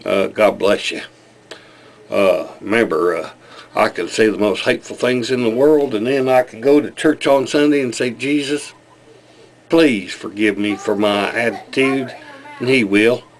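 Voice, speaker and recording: A man's voice: fairly low pitch, unhurried, creaky. A man voicing a bigoted, churchgoing small-town conservative with a Southern US accent, in a folksy, mock-earnest drawl. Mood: smug.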